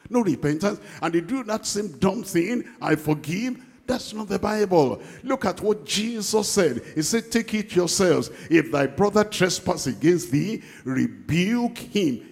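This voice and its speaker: A man preaching a sermon, emphatic and repeating his key points, slowing down to read scripture aloud. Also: high-pitched, gravelly, a little mellow, long reverb tail.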